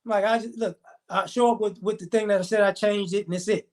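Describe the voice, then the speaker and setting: A man's voice: high voice, fairly even intonation, darkish tone. Heated, profane man telling a story. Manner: profane, heated, fast retelling with quoted dialogue. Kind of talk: storytelling rant to camera.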